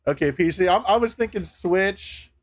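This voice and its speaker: A man streaming live, chatting casually to viewers, laughing often, swearing and getting excitable. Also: sits high, moderate pace, dull audio.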